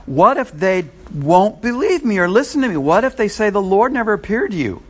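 Anxious, pleading Moses, pitched well up and pushed louder, as a preacher puts him on. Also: male voice, big pitch swings, brisk. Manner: raised, pleading voice.

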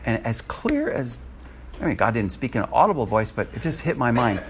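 Brief: male lecturer-missionary, classroom testimony, mid-pitched, lively storyteller who squeaks up high when quoting himself, faint room noise. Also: a little fast. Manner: animated, acts out his own lines with sudden high leaps in pitch and laughter. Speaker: Bible college lecturer and missionary.

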